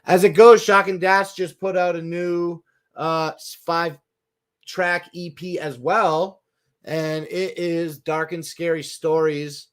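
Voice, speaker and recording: A man's voice: fairly high pitch, little pitch movement, slow pace, fairly bright tone, clean tone. A man hosting an online music show, bantering in a loose, profane, upbeat way.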